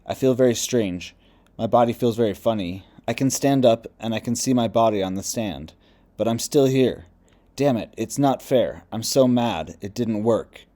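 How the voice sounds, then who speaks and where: A man reading the quoted words of a depressed male spirit, lost and angry, in a low, quiet, subdued voice. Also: normal speed, close to an everyday voice. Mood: frightened.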